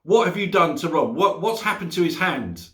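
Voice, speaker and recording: A man putting on a fierce, scolding Irish mother with a rough Irish accent. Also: fairly high pitch, very animated, normal speed, fairly bright tone, roomy sound, voice pushed up. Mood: stern. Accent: put-on Irish. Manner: scolding, stern. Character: fierce Irish mother, middle-aged woman.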